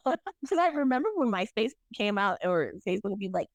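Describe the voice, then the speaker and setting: A woman's voice: mid-range voice, normal speed, dry recording. A woman co-hosting a podcast, telling stories in casual chat and acting out what people said. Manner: animated storytelling with acted-out quotes and laughs. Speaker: podcast co-host.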